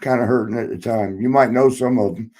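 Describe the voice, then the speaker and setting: A podcast host and former wrestler in his sixties tells rambling, profane road stories in a casual chat, laughing often and acting out quotes. His voice is medium-pitched, brisk and darkish.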